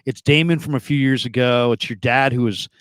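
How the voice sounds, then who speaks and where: A man in his fifties hosts a casual sports talk show, telling stories with lively swings up and down as he acts out the people in them. His voice sits at an ordinary middle pitch. The sound is close and dry, with no room around it. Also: a little fast, smooth, dry recording. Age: 50s. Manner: animated storyteller, acts out other voices with big pitch jumps. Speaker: sports radio host.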